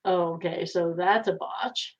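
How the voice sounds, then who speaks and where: A woman's voice: lowish voice, fairly even intonation, unhurried, highs cut off. A woman playing a tabletop horror game who laughs often and sounds incredulous. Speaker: player.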